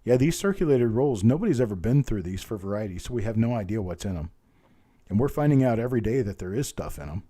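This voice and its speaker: A man hosting a live-streamed coin auction, calling bids quickly and chatting with viewers by name, his voice a little strained from talking. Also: lowish voice, sing-song, warm tone. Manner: rattles off bid calls fast, chats with viewers by name.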